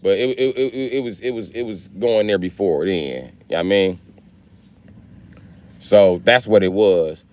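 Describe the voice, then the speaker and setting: A young livestreamer with a lowish, slightly mellow voice talks at a measured pace. He chats casually and profanely with his viewers, rambling loosely and speaking straight to chat.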